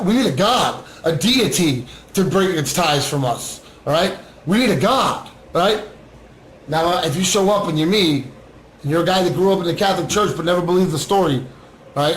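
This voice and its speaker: A man's voice: high-pitched, fairly bright tone, roomy sound, slight background noise, rough recording. A man and recovering addict sharing his story in an earnest livestream monologue, often asking "right?". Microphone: webcam or phone on a screen.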